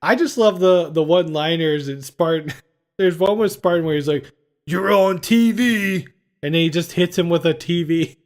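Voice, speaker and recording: Casual man hosting a film chat, slightly higher voice, recaps scenes and quotes lines. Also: normal speed, darkish tone. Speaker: podcast host. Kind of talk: casual movie review chat.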